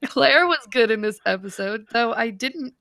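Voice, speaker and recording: Gravelly-voiced woman co-hosting a podcast. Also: on the high side, expressive, moderate pace, fairly bright tone, no echo. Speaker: podcast co-host. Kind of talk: casual review chat.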